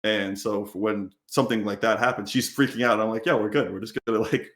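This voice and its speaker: Man, podcast host, quick talker, lively storyteller, roomy echo. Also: fairly low pitch. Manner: animated storytelling, acts out quotes. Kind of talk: casual podcast chat.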